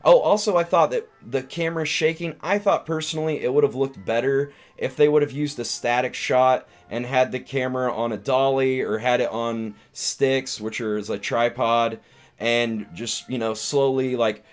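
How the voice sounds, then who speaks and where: A man's voice: medium pitch, steady tone, moderate pace. Rambling man recapping a film casually. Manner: rambling, meandering retelling with frequent restarts. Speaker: streamer and comedian reviewing a film.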